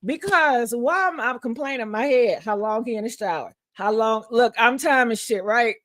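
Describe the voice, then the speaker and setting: A woman's voice: on the high side, moderate pace, no echo, studio quality. A woman vlogger casually telling a personal story to her viewers, frank and profane, laughing often.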